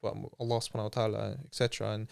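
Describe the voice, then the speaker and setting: Smooth fast-talking man telling a story. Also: on the low side, monotone. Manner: chatty, slangy, acts out quoted voices. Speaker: interview guest. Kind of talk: casual storytelling.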